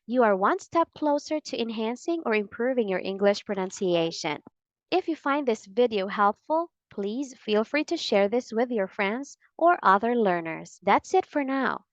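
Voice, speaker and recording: A woman teaching English pronunciation, speaking patiently and repeating model sentences slowly. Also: on the high side, lively intonation, dry recording. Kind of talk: slow, deliberate pronunciation lesson. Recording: dry, slightly dull sound.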